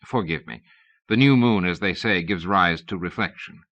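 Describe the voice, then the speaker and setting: A man reading an audiobook, narrating in a measured, wry storytelling manner. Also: low voice, fairly bright tone. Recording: dull lo-fi cassette recording.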